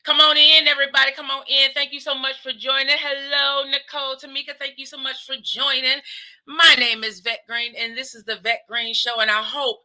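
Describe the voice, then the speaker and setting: A woman's voice: high voice, level tone, normal speed, bright, forceful tone. A woman in her fifties from the United States, hosting her own show as a casual livestream and chatting directly to viewers, often calling them "y'all". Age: 50s. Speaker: show host.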